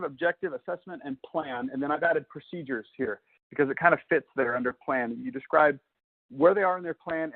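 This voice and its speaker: Male presenter, conversational lecturer, husky tone, tinny phone-quality audio. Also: on the high side. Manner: conversational, explains step by step with fillers. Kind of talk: webinar lecture.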